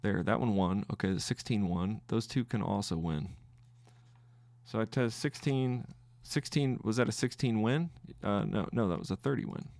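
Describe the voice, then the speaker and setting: A low, gravelly male voice talking through his trades live, thinking aloud and stopping to recount figures. The sound is dry and close, with no room around it. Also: normal speed, darkish tone, dry recording. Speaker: trading podcast host. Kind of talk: live trading commentary.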